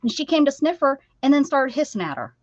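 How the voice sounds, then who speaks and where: An American woman chats casually on her craft stream, teasing and laughing as she works. Her voice sits a little high. The audio comes through muffled and lo-fi. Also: sing-song, fast talker, darkish tone. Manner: chatty, laughs often, teasing. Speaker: craft livestream host. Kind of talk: casual chat while crafting.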